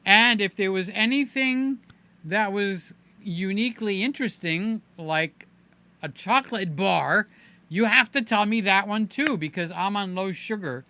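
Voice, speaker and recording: A man's voice: high-pitched, unhurried, bright, forceful tone, dry recording. A man hosting a casual livestream, playful and chatty, greeting viewers by name. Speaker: livestream host.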